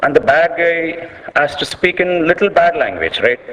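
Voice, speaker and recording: A man's voice: on the high side, sing-song, moderate pace, a bit bright, highs cut off. A man with an Indian English accent speaking earnestly at a panel session, repeating words, restarting sentences and leaning on "like". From South India. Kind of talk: unscripted public speech. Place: conference hall. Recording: long reverb of a large hall.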